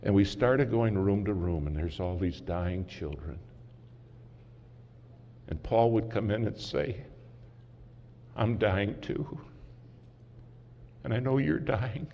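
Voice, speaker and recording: A man preaching a sermon as a story, dramatic and swinging from loud to hushed, recorded in a large conference hall. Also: lowish voice, expressive, slow pace, gravelly, pauses often. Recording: muffled hall recording with faint hiss.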